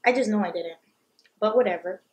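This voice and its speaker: Young woman vlogger, storytime mukbang, blunt and lively, mid-range voice. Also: mid-range voice, fairly quick, dull audio. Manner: animated, blunt storytelling with swearing.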